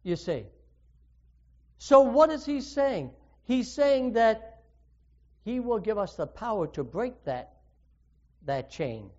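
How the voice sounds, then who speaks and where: A man's voice: high-pitched, very animated, slow pace, long pauses, mellow. A man preaching a sermon, earnest and full of questions to his listeners, with sudden emphatic rises. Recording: dull lo-fi recording.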